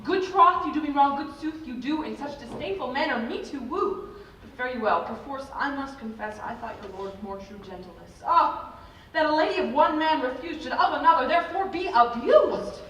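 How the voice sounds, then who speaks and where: A lovesick young woman, played by a woman, pleads in a high, plaintive voice. The sound comes from far back in a very echoey school auditorium. Light room noise sits under it. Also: animated, moderate pace, a bit bright. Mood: wounded. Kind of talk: live stage play.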